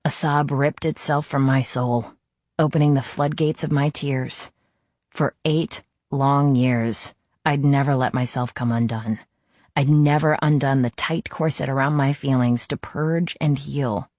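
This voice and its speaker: A woman's voice: rumbling low, steady tone, unhurried, a little mellow, dry recording. A woman narrating a first-person romance audiobook in an emotional, intimate reading from a close mic. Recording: slightly dull, muffled sound.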